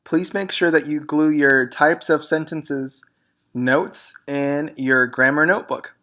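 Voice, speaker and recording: A man teaching a recorded grammar lesson, speaking slowly and clearly and reading example sentences aloud. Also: a little high, steady tone, pushed and bright.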